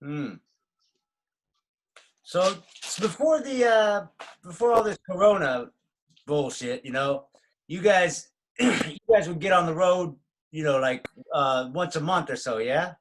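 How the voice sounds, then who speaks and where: A man's voice: fairly high pitch, animated, measured pace, pauses often. A man hosting a casual interview, laid-back, reacting with short sweary remarks. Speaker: interview host.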